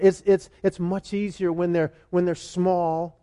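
In an unhurried sermon, a pastor with a high male voice speaks with animated, conversational energy. Emphatic repetition and questions put to the congregation drive his points home.

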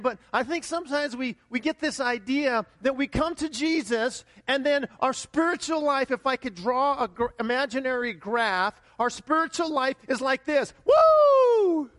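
A male pastor preaching a sermon in an animated way, often repeating his words and acting out highs and lows with exclamations. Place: church sanctuary. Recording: long hall reverb.

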